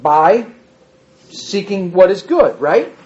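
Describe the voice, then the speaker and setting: High-voiced man teaching a Bible class. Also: very animated, slow pace, darkish tone, lo-fi sound. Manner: reads scripture aloud with raised dramatic emphasis, then comments conversationally.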